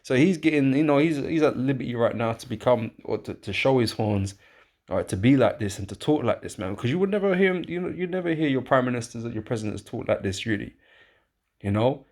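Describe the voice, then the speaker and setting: A man's voice: medium pitch, animated, brisk, a little mellow. A man preaching informally, rambling and emphatic, with many fillers and tag questions. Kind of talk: informal preaching with scripture reading.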